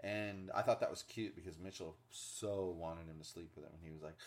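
Low-voiced man telling animated stories. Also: fairly quick. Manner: animated storyteller, acts out pets' thoughts in silly voices. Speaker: podcast co-host. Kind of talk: casual chat.

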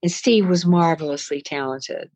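An older voice-over actress from the American South, with a Southern US accent and a low, slightly mellow voice, tells rambling, aside-filled stories in a casual interview. She speaks at a moderate pace, and the recording is dry.

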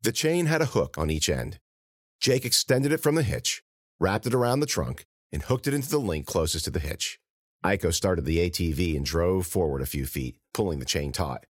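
Male author-narrator, low and animated, dry studio sound. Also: normal speed, slightly rough, no room sound. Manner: expressive, animated reading. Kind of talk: scripted audiobook narration.

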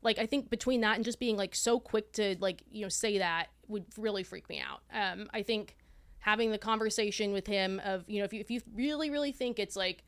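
A woman's voice: mid-range voice, brisk, fairly bright tone. A young woman from Texas co-hosting a podcast in casual chat, hesitant and full of "like", swearing freely. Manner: chatty, hesitant, heavy use of "like", swears freely. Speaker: podcast co-host.

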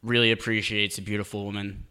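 A young man in his twenties co-hosting a podcast, joking in a quick, rambling way with many restarts. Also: fairly low pitch, level tone, sharp tone, clear, resonant tone. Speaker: podcast co-host. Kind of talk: casual chat.

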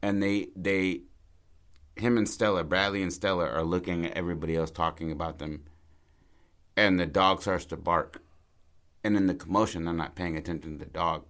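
A man in casual chat, loosely pitching a story with lots of fillers and swearing. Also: fairly even intonation, normal speed, fairly bright tone. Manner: loose, profane, rambling with many fillers. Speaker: podcast co-host pitching a film plot.

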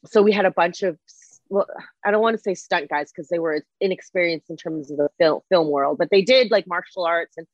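As an interview guest, this young actress and film crew member animatedly recounts on-set stories, with frequent laughter and free swearing, speaking a little fast. Her fairly low voice is dry, slightly dull and echo-free, like a close recording on a modest mic.

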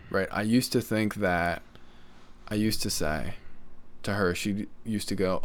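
A man's voice: sits low, steady tone, a little slow, slight background noise. A man in casual conversation, earnest and storytelling, often saying "you know".

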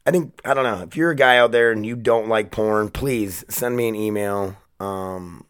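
A man's voice: on the low side, normal speed, fairly bright tone, smooth, dry recording, studio quality. A man hosting a solo podcast in a casual, rambling, profane and jokey way. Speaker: podcast host.

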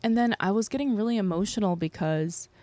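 A woman's voice: medium pitch, brisk, a little mellow, dry recording. A woman telling a candid personal story about being a mother, swearing freely and filling her talk with "like". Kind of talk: casual podcast chat.

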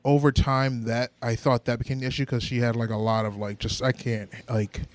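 A man's voice: medium pitch, little pitch movement, fairly quick, no room sound. A young man co-hosting a podcast, telling a dating story in a rambling, hesitant way full of fillers. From Buffalo, New York. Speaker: podcast co-host. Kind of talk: casual chat.

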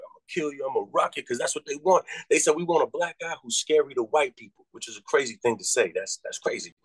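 A rapper from Massachusetts telling a story in a casual interview, animated and profane, acting out the people he quotes with big jumps in his voice. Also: mid-range voice, dry recording, rough recording. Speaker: rapper and podcast guest.

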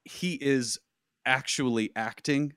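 A man's voice: mid-range voice, slow pace, fairly bright tone, clear, resonant tone, dry recording, studio quality. A man co-hosting a casual movie review podcast, blunt and riffing, with some swearing. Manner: blunt, swears, riffs on ideas. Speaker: podcast co-host.

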